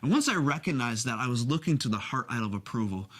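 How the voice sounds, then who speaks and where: Man, mid-pitched, earnest church teacher, personal and plain-spoken. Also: expressive, fast talker, fairly bright tone. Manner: earnest, personal examples from his own marriage. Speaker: pastor teaching on discipleship. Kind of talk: teaching talk.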